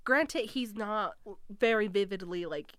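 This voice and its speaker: A woman's voice: mid-range voice, a little slow, a bit bright, dry recording. A young woman co-hosting a casual anime podcast, joking and swearing casually. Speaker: podcast co-host.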